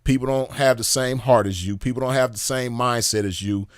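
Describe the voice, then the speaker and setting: A man's voice: mid-range voice, fairly even intonation, a little fast, no echo, studio quality. A man giving casual, emphatic commentary, repeating himself, swearing and firing off rhetorical questions. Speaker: commentator reviewing drama.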